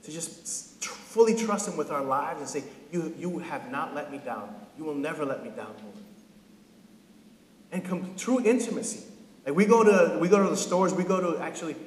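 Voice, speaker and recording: A man in his thirties gives a chatty, humorous sermon in a church, his slightly high voice ringing through the hall. The room is reverberant, with a long echo trailing his words. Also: expressive, normal speed, a little hiss or hum. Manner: casual and joking, often checks in with "right?". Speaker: pastor. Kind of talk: conversational sermon. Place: church sanctuary.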